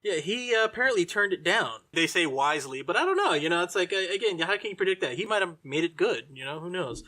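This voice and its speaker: Casting: fairly high, bright man's voice, easygoing podcast co-host. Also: animated, quick pace. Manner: hesitant, fillers, chuckling. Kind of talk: casual chat.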